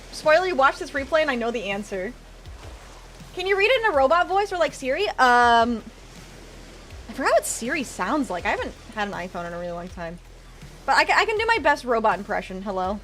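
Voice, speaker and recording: A woman's voice: high voice, a bit bright. A woman streaming from home, chatting casually and teasing her viewers in chat.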